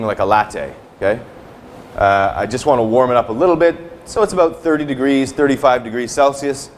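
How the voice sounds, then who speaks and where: A male culinary instructor with a mid-range voice teaches a cooking class in a teaching kitchen, with a little hiss or hum on the audio. Demonstrating as he goes, he talks casually and ends most sentences with "right?" or "okay?".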